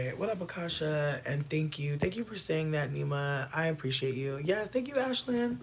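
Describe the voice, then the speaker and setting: A woman's voice: deep voice, lively intonation, normal speed, few pauses, a little hiss or hum. A woman chatting casually on a livestream, reading and answering comments in a playful, laid-back way with plenty of swearing.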